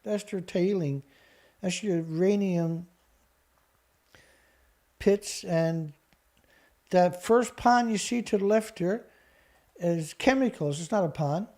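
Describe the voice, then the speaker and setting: A ranting online show host reads headlines aloud and snaps back at them with sarcastic insults. The voice sits at a middle pitch with a dark, mellow tone, even when the anger rises. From Canada. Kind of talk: reading news items and ranting about them.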